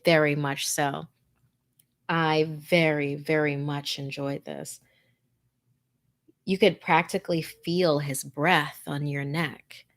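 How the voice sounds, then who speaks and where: A woman hosting a livestream, reading a scary story in a hushed, tense voice that drops into whispers, then chatting casually and laughing with viewers. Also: low voice, flat delivery, slow, pauses often. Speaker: livestream host and story narrator.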